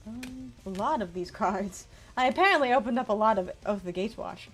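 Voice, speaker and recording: A woman's voice: mid-range voice, animated, brisk, fairly bright tone, breathy edge. A woman in her twenties chatting casually on a livestream, reading card text aloud and answering her chat. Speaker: streamer. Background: faint background music.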